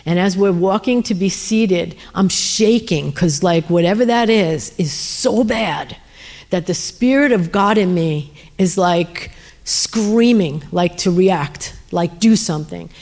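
A woman's voice: on the low side, slow, gravelly, a little mellow. A woman telling a faith testimony as a missionary speaker, earnest and emotional, with frequent fillers. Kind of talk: testimony storytelling.

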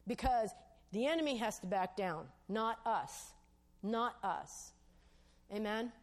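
A woman preaching a sermon in a voice of middle pitch. She tells a story and acts out the dialogue in it. She keeps asking her listeners to agree. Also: lively intonation, slow pace. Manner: storytelling, acts out quoted dialogue, asks the audience "Amen?". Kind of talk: sermon testimony.

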